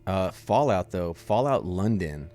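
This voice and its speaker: Deep-voiced man joking through a game. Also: lively intonation, unhurried, dark tone. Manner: joking, rambling, swears. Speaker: streamer playing a game mod. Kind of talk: casual gaming commentary. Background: faint game music.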